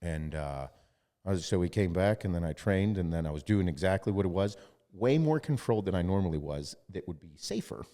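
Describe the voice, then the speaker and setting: A man's voice: sits low, animated, a little fast, dark tone, big-room sound. A man hosting a podcast, telling a story in casual chat and quoting others, with lots of swearing. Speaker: podcast host.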